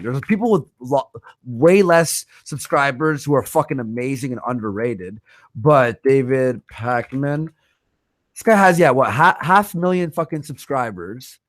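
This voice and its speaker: A man hosting a casual livestream, talking fast and heatedly and swearing often as he rants. His voice sits at an ordinary middle pitch. The sound is close and dry, with no room around it. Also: dry recording. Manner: animated, profane, quick to rant. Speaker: livestream host.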